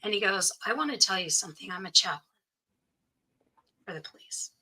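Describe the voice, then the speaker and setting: Her voice is mid-range, husky and sharp, expressive and fairly quick. She's a woman guest in an interview, earnestly telling a personal story and quoting what others said to her, heard through poor audio.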